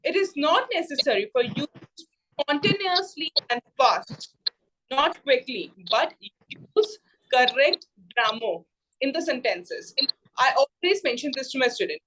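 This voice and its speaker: Indian english tutor lady on a video call, high voice, goes over points again and again. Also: big pitch swings, a bit bright, rough recording. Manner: explains slowly, repeats points, mixes in Hindi phrases. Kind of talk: online class teaching.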